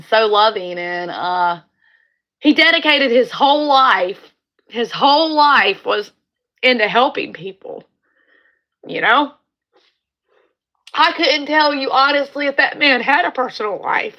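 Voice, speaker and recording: A middle-aged woman from California hosts a casual livestream chat. Her voice sits a little high and has a bright, forward edge. She talks in a heartfelt, wandering way, circling back to repeat her phrases. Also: poor audio. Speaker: livestream host.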